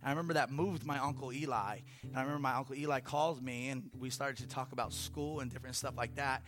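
A man preaching a conversational sermon in a church, telling a story in an animated way with playful asides. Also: medium pitch, quick pace. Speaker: pastor.

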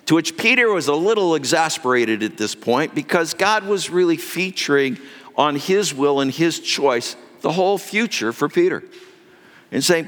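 A man's voice: on the high side, lively intonation, normal speed, a bit bright, big-room sound. A male pastor delivering an earnest, emphatic sermon.

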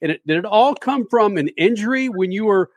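A man hosting a talk show chats with his guest and jokes as he goes. His voice sits a bit high and sounds close and dry, with no room around it. He keeps things playful. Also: lively intonation, a little fast, no room sound, lo-fi sound. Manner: jokey, playful. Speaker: radio show host. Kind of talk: casual interview chat.

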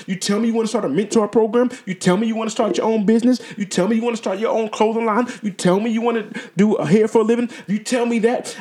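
A middle-aged man hosting a podcast, talking earnestly in a motivational monologue that stumbles and repeats words. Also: high-pitched. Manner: repetitive, stumbling, earnest and exhortative. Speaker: podcast host.

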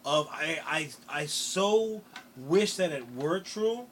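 A male podcast co-host in casual comedic chat, animated and swearing freely, breaking into theatrical outbursts. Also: fairly high pitch, slow, slight background noise.

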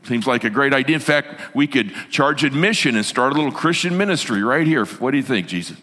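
A male pastor preaching a sermon in an animated way, swinging from loud to hushed, heard in a reverberant church hall. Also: mid-range voice, a little fast.

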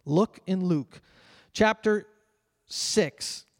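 A male pastor preaching a sermon, earnest and fervent, slowing down to read scripture aloud. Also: high-pitched. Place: church sanctuary. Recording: long reverb of a church hall.

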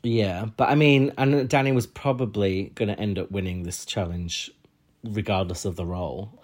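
A man's voice: lowish voice, normal speed. A young man chatting casually as a podcast co-host, rambling and laughing often. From United Kingdom. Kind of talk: casual chat.

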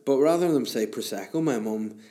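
A man's voice: medium pitch, expressive, a little fast, mellow. Rambling man in his thirties. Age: 30s. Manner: rambling, jokey, self-interrupting. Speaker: podcast host. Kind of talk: casual comedic monologue. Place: room alone. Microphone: podcast microphone.

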